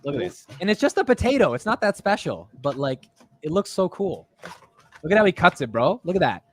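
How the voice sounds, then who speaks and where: A young man hosting a finance livestream, talking in an excitable, rambling way and calling his viewers bro and dude. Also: high-pitched, a little fast, a little hiss or hum. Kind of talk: casual live-stream chat.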